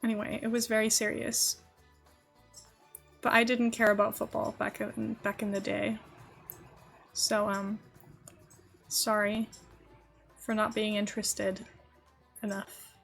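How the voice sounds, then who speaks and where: A woman's voice: mid-range voice, little pitch movement, slow, gravelly, pauses often, a bit bright, soft background music. Giggly young woman streamer, rambling chat. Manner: chatty and giggly, rambling to chat while building. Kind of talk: casual live-stream chat.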